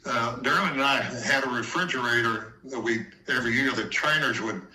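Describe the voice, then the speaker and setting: A man's voice: medium pitch, moderate pace, pushed and bright, a little hiss or hum. An older man, a retired football player, telling folksy stories in an interview and retelling old talks as quoted dialogue. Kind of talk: anecdotal storytelling in conversation. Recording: roomy echo, distant from mic.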